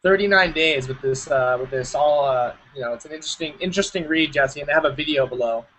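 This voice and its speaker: A young man with a high voice co-hosts a podcast in loose casual chat. He jokes around and sometimes reads posts aloud in mock voices. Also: fast, a bit bright, slight background noise, low-quality recording. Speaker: podcast co-host.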